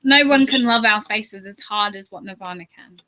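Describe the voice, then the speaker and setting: A woman's voice: mid-range voice, normal speed, sharp tone. A woman co-hosting a casual video chat, reading out viewer comments with a dry, playful manner.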